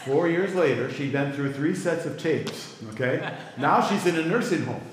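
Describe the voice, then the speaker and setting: A man's voice: on the high side, slight background noise. A middle-aged male pastor teaching a Bible class in a conversational way, stopping to ask the class for reactions. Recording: echoey hall with long reverb.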